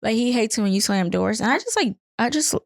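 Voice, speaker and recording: A woman's voice: a little high, lively intonation, fairly quick, gravelly. A young woman co-hosting a podcast from a couch, telling rambling stories in casual chat, laughing often and swearing freely. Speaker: podcast co-host. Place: on a couch at home.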